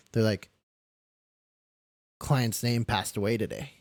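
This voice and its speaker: A man's voice: on the low side, fairly even intonation, measured pace, pauses often, dry recording. A young man telling a personal story in a candid, rambling way during a live-streamed interview, with many restarts and the odd swear word. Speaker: caregiver and podcast guest.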